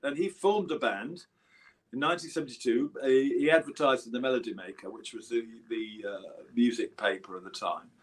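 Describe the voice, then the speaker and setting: A man's voice: mid-range voice, fairly quick. A man in his seventies with an English accent, a guest musician chatting casually in an interview and telling rambling anecdotes full of restarts. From England. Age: 70s.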